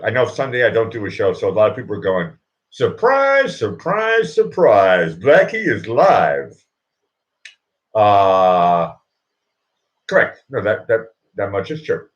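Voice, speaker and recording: A man's voice: on the low side, normal speed, highs cut off. A man hosting his own live show, talking in a rambling comic monologue that keeps looping back on itself and restarting. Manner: rambling, keeps repeating "look", stops and restarts.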